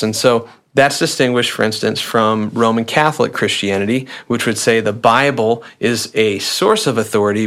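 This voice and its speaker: A man, a pastor, talks through a teaching topic for a podcast. His voice sits at an ordinary mid pitch, and his delivery is conversational and explanatory, with the odd restart as he works through his points. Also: a bit bright.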